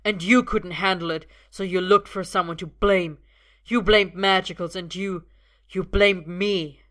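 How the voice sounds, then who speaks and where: Arthur, a desperate young man, shouts at his father through tears, his voice strained and loud in a storybook reading, as a woman puts him on. The voice stays bright and forceful. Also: lowish voice, fairly even intonation, unhurried. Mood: shouting tearful. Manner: shaky, then shouting and tearful.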